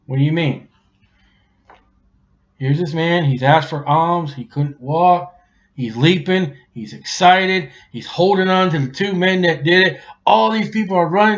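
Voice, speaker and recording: High-voiced preacher guy, talks loud then quiet, folksy, kinda muffled lo-fi recording. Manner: animated, colloquial, swings between loud and hushed. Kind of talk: expository sermon. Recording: dull lo-fi recording.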